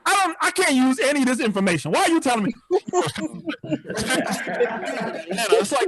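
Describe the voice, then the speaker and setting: High-voiced animated stand-up comedian. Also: male voice, moderate pace, long pauses, a crowd in the background. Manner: animated storytelling, acts out incredulous outbursts. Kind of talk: virtual stand-up set. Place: home, on a video call. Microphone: video call.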